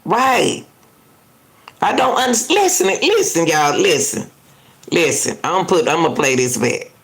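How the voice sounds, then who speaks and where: This woman's gravelly, fairly low voice is very animated, and she speaks a little slowly. She's giving live reaction commentary, indignantly pushing back on a news clip, repeating herself, and talking casually and at length directly to viewers.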